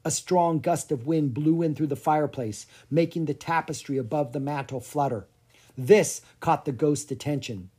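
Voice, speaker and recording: A narrator reading a children's chapter book aloud, with storyteller pacing and dramatic pauses. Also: mid-range voice, mellow, breathy edge. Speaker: audiobook narrator.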